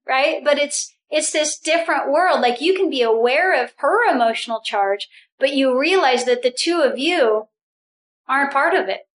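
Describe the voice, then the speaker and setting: A high-pitched woman guiding a spiritual group session. She talks with bubbly, animated energy, breaking into laughter and restarting phrases as she goes. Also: moderate pace, rough recording.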